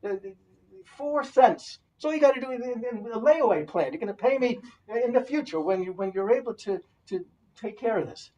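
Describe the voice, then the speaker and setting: A man voicing a kindly rabbi disguised as a woodsman, speaking loudly and reassuringly, heard from a distant mic in a hall. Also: very high voice, animated, normal speed, pitched above the performer's own voice. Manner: loud, hearty, reassuring.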